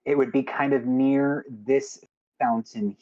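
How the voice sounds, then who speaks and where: Slow-talking game master, dull lo-fi sound. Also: male voice, mid-range voice, steady tone, a little mellow. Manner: slow, hesitant with many fillers. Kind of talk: narrating a tabletop game.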